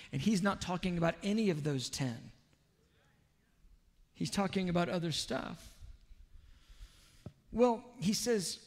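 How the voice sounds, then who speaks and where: A man's voice: sits high, long reverb tail. A man preaching a sermon in an earnest, conversational way, with casual asides and quoted lines. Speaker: pastor.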